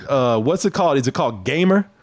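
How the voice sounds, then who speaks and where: A man in casual, profane conversation about movies, animated and quick to laugh. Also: medium pitch. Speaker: podcast co-host. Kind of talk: casual movie-review chat.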